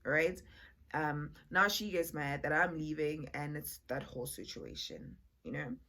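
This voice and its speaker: A woman's voice: sits low, measured pace, vocal fry, sharp tone. A woman, chatting to her viewers in a casual storytime vlog. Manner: chatty, addresses viewers as "guys", many fillers. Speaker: vlogger.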